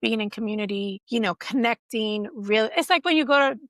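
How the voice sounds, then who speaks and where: A woman's voice: on the high side, a little fast, fairly bright tone, no room sound, studio quality. A woman hosting a podcast, talking casually and encouragingly with many fillers. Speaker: podcast host.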